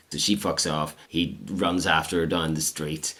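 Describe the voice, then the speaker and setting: A young man giving a comedic film review, sardonic and sweary, with deadpan asides. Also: extremely low pitch, moderate pace.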